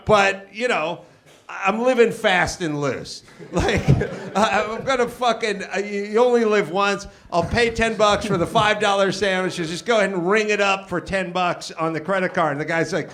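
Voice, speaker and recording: A man's voice: high-pitched, normal speed, fairly bright tone. A middle-aged man hosting a live comedy podcast from a club stage, telling profane, ranting stories and acting out both sides of the dialogue. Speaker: host.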